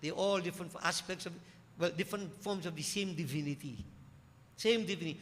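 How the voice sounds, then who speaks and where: A male preacher delivers an emphatic sermon, repeating key phrases and swelling louder on his main points. His voice is bright, a little high, and rings in the long echo of a hall. A faint murmur sits underneath. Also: brisk. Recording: echoey hall with faint ambience.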